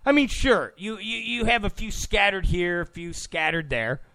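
A man's voice: sits high, lively intonation, moderate pace, creaky, sharp tone. A man hosting a political talk show, giving an opinionated monologue, emphatic, repeating phrases and stammering on restarts.

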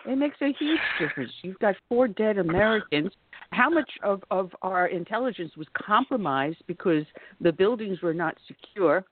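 A woman's voice: mid-range voice, lively intonation, normal speed, a little hiss or hum. A woman hosting a political talk radio show, speaking emphatically. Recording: phone-line quality.

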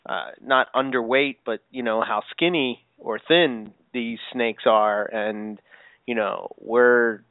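A man with a mid-range voice muses thoughtfully, pausing on fillers as he builds a point. The sound is dry and close, thinned out like a phone line. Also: medium pitch, steady tone, no echo. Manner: thoughtful, hesitant, lots of fillers. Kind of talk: casual podcast chat. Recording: tinny phone-like call audio.

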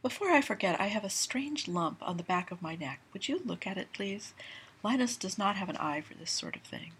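A woman voicing a bossy, illness-fixated middle-aged mother in a read-aloud novel, loud and insistent. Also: animated, fairly quick, slightly rough, exaggerated voice. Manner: insistent, loud, high-pitched. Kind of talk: audiobook character reading.

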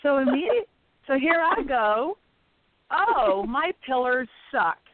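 Woman host, casual spiritual chat, higher voice with lots of swing, heard over a phone line. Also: takes it slowly, no room sound. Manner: animated, laughs often, acts out her own inner dialogue. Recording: tinny phone-line sound.

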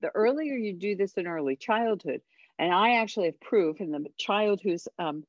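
A woman parenting coach and author, a radio interview guest, speaking emphatically and giving tips with dramatic pauses. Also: mid-range voice, expressive, no echo, highs cut off.

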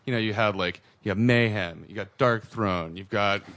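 A man's voice: on the low side, normal speed. A man in casual podcast chat who tells his stories with real energy. He slips into the voices of the people he met and keeps the talk moving and loose. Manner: animated storyteller, acts out quoted voices. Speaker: podcast co-host.

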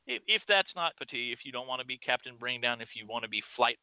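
A man's voice: medium pitch, expressive, fast talker, clean tone, dry recording. Emphatic Texan man over a tinny line. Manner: emphatic, scolding, with mocking quoted voices. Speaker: podcast host. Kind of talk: opinionated monologue.

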